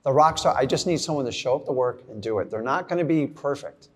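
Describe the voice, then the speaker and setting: A man's voice: mid-range voice, animated, fast. A middle-aged man giving a blunt, casual motivational talk to a live audience, acting out little scenes. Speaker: real estate investor speaking to an audience.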